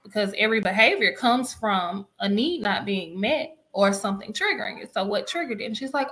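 A woman's voice: medium pitch, animated, fairly quick, hardly any pauses, a bit bright, low-quality recording. A woman, telling parenting stories in a casual panel talk and acting out the dialogue. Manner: emphatic storytelling, acts out dialogue.

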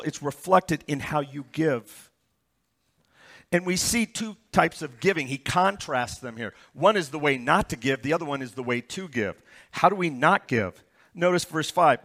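A pastor giving a sermon, reading scripture verses aloud and explaining them with stories and asides. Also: male voice, on the high side, a bit bright.

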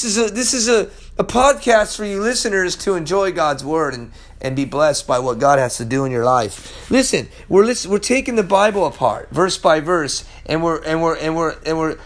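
Male podcast preacher, high voice, emphatic, halting restarts, verse-by-verse teaching. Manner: emphatic, repeats words, many restarts.

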